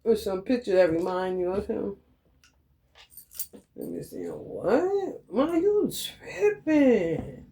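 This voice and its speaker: Gravelly, blunt, laughing woman tarot reader. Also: mid-range voice, huge pitch swings, slow pace, pauses often, mellow. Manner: blunt, profane, slangy, addresses viewers as y'all and honey; laughs often while telling stories. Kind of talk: casual spoken tarot reading.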